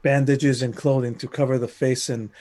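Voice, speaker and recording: A man playing a tabletop game, describing his character in an unhurried, hesitant way. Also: mid-range voice, flat delivery, warm tone. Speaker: player. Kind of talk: casual chat.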